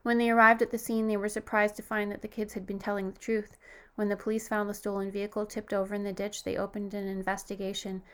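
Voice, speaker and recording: A woman reading a horror story aloud as narrator, steady and even, lifting her voice slightly for the characters' quoted lines. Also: medium pitch.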